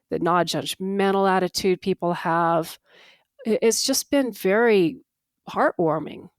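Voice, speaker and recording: Woman host, lower voice, reflective, dry close sound. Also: no echo. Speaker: host, former congresswoman. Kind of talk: conversational interview.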